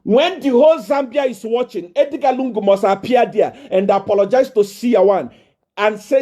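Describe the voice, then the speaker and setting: A man from Nigeria, preaching to a congregation as a self-proclaimed prophet. He is boastful and defiant, repeats himself and rises to shouts. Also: very high voice, normal speed.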